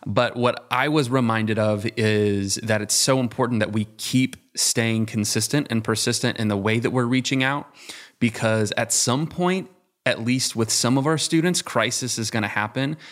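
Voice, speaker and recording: A man who works as a youth small-group leader, sharing a steady, encouraging story with a few fillers. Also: medium pitch, moderate pace. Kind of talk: encouraging testimony.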